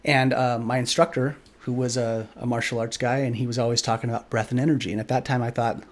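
A male podcast host sharing a personal story in conversation. His voice sits at an ordinary middle pitch for a man. He talks in an earnest, reflective way and leaves his sentences loose with plenty of "like"s. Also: steady tone, fast.

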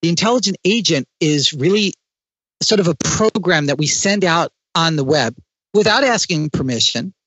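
A man speaking as an interview guest, explaining ideas in a lively way with frequent restarts. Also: a little high, normal speed, breathy edge, dry recording, dull audio. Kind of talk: conversational interview.

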